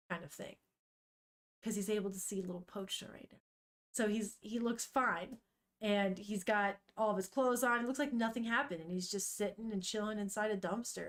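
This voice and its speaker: Animated, swearing woman streamer. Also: medium pitch. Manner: animated, swears freely, thinks aloud. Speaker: streamer reading manga. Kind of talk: casual chat.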